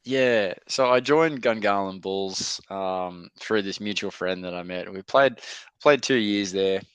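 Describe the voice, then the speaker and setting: A man's voice: low-pitched, unhurried, fairly bright tone, smooth, no echo. A young man, a rugby league player telling stories in a casual podcast interview, chatty and easygoing with lots of fillers. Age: young adult. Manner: laid-back, chatty, lots of fillers and mates' slang.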